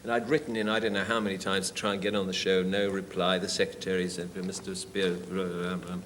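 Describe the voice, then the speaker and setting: An English man in his forties, a guest on a television chat show, telling a lively story and slipping into comic character voices. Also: low-pitched, quick pace. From England. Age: 40s. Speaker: comedian and actor, talk show guest. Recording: 1970s TV studio recording, faint hiss.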